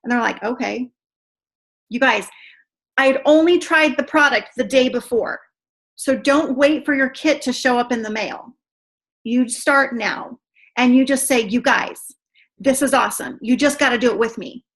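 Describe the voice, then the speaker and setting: A woman leading an online team training, chatty and excitable, often saying "you guys.". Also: sits high, moderate pace. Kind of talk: online video call training. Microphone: video call.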